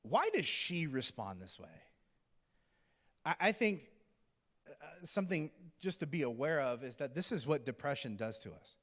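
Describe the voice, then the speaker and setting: A male pastor preaching a sermon in a casual, animated, conversational way, sometimes acting out the people in the story. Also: a little high, normal speed. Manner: conversational, animated, acts out characters. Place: church auditorium. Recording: long hall reverb.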